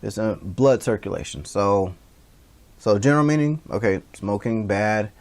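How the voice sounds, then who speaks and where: Low-voiced man lecturing loosely. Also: moderate pace, a little mellow. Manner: loose and rambling, many fillers and restarts. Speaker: instructor. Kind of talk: casual classroom lecture. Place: livestreamed class.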